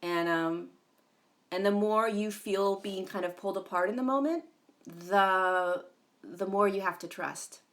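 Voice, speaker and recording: A woman's voice: mid-range voice, a little slow, fairly bright tone. A woman hosting a casual livestream, chatting in a rambling way with many fillers, greeting viewers by name and swearing now and then. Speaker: livestream host.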